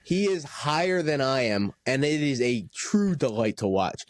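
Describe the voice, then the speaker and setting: Young male co-host, mid-pitch, hyped and slangy, dry close sound. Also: unhurried, dry recording. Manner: excitable, slangy, says "dude" a lot. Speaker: podcast co-host. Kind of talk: casual sports chat.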